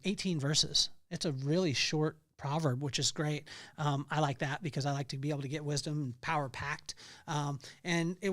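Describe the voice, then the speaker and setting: Animated middle-aged man hosting a podcast. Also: on the high side, no room sound, studio quality. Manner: animated storytelling with bursts of excitement; many fillers and restarts. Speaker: podcast host. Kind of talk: casual solo podcast monologue.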